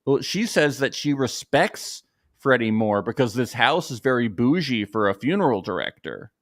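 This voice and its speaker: A man co-hosting a casual podcast recap, chatty and lively, acting out quotes in a raised voice. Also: medium pitch, moderate pace. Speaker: podcast co-host.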